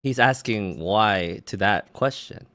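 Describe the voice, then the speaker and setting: A man co-hosting a podcast in casual chat, animated and teasing, often repeating words. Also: lowish voice, slow. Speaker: podcast co-host.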